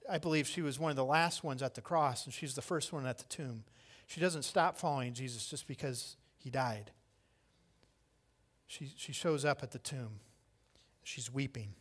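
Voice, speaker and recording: A middle-aged man preaching a sermon as pastor, telling the story with animated delivery and acting out the voices of the people in it. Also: mid-range voice, moderate pace, breathy edge.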